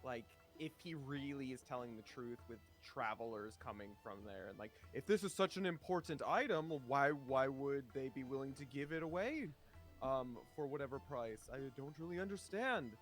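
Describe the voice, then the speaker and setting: A man playing a tabletop game, chatting in a relaxed way as he describes his character's actions. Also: medium pitch, normal speed, faint music behind. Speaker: player.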